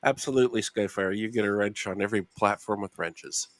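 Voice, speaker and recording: A man's voice: on the low side, brisk, a little hiss or hum. A man hosting a live stream panel, chatting casually and reading out plugs and links in an easygoing way. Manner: easygoing, reads out sponsor and link notes. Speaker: host.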